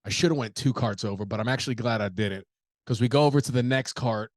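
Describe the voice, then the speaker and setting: A man's voice: medium pitch, quick pace, no echo, studio quality. A man telling a rambling, profane story in a casual podcast monologue, full of restarts. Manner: profane, rambling, animated anecdote with many restarts. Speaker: podcast host.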